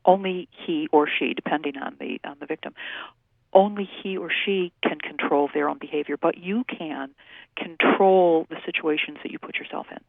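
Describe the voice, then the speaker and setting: A woman who works in domestic violence services, explaining things in a measured way with many fillers during a phone-in radio interview. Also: low voice, creaky, dry recording. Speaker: domestic violence program staff. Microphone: telephone. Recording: tinny phone line.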